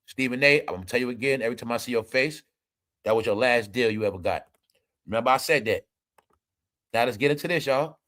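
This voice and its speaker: A man's voice: medium pitch, fast talker, long pauses, a bit bright. A man hosting an entertainment commentary show, ranting emphatically and profanely straight to his viewers. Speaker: commentary channel host.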